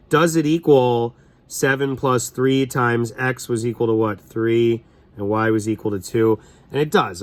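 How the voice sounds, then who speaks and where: A man's voice: medium pitch, a bit bright. Casual man teaching math. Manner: casual, chatty, thinks aloud. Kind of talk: recorded classroom lesson walkthrough.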